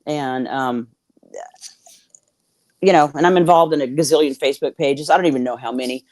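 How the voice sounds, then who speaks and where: A woman's voice: deep voice, moderate pace, darkish tone, dry recording. Woman guest talking recovery, sincere and plain, dry sound. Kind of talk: casual chat. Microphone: remote streaming call.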